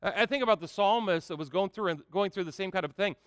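A man preaching in a church, his voice high, bright and crisp. He reads scripture with rising emphasis and fills pauses with frequent "uh"s, and the dry close sound carries a long hall reverb behind it. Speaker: pastor. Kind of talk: sermon.

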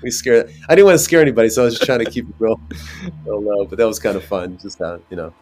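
A man, an actor, chatting as an interview guest and telling lively stories with frequent laughs. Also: fairly low pitch, quick pace. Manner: animated storyteller, laughs often. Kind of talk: casual interview chat.

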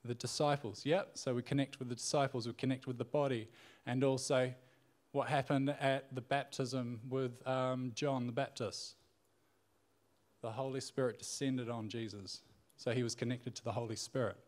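A man's voice: mid-range voice, fairly even intonation, moderate pace, darkish tone. A man giving a casual sermon, retelling a Bible story in a conversational way with frequent fillers and restarts. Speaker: preacher.

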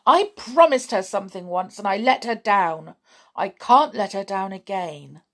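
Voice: mid-range voice, expressive, measured pace, a bit bright. A woman reading aloud voices an earnest, determined boy in a hospital ward, pleading and urgent.

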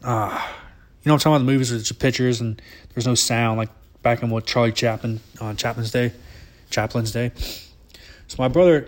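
A young man from Alabama, telling a family story casually in a rambling, profane, often laughing way. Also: mid-range voice. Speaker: vlogger.

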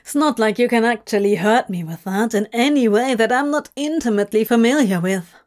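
A woman's voice: on the high side, expressive, fairly quick, darkish tone, lightly acted. A woman voicing a brooding male demon with a sardonic, sneering way of talking. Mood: provoking.

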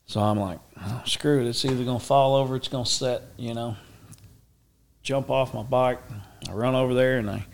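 A middle-aged man tells a story in a casual, animated way and acts out what people said. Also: medium pitch, normal speed, gravelly, slight background noise. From Oklahoma, USA. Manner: animated, acts out quoted speech, drawling. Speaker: interview guest.

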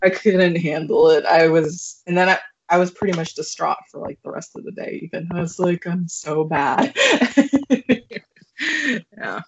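A young woman telling a story as a podcast guest, animated and laughing, with plenty of fillers. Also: lowish voice, moderate pace. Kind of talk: casual storytelling. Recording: muffled lo-fi recording.

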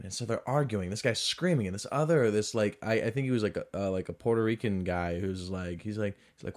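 A man hosting a podcast tells stories in a loose, rambling way, and his accent drifts between a Southern US drawl and Boston. He mocks himself often and keeps the delivery casual and animated. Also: lowish voice, fast, hardly any pauses. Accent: mix of Southern US and Boston. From American South and New England. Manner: rambling, self-mocking, animated. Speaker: podcast host. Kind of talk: casual storytelling monologue.

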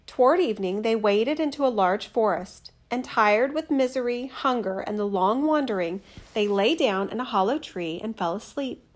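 A woman reading a fairy tale aloud in a gentle, measured, expressive storytelling manner. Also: fairly high pitch.

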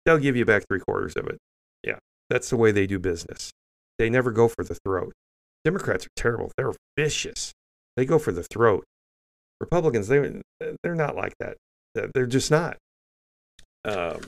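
An older man with a low, gravelly voice delivers opinionated news commentary. He is blunt and scornful, stumbling through restarts and fillers as he works through a list of stories. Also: a bit bright. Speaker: commentary show host.

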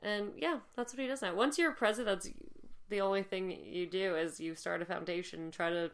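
A woman's voice: mid-range voice, fairly even intonation, a little fast. A young woman in a casual chat, teasing her co-host and laughing often.

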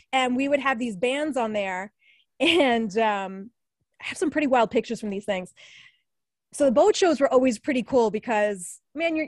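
Woman, forties, New York accent, chatty, laughing, fillers, higher voice, dry sound. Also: no room sound. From New York area. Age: 40s. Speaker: alumni guest, former radio newscaster. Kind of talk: casual interview chat.

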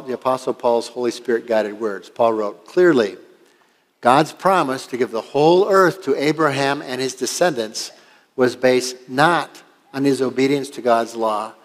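A man's voice: mid-range voice, in a large hall. An older man, a pastor from Washington State, preaching a sermon and telling a story in an earnest, conversational way. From Washington State, USA.

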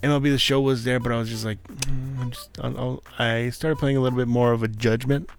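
A man chatting casually on a podcast in a laid-back, halting way, swearing often. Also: mid-range voice, little pitch movement, soft background music. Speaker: podcast co-host. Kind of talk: casual chat.

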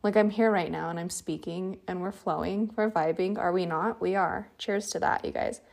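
A young woman hosting a loose solo podcast from her bedroom at night, chatty and rambling with lots of fillers, relaxed and drowsy as she lies down. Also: lowish voice, normal speed, gravelly. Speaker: podcast host. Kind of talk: unstructured solo podcast chat.

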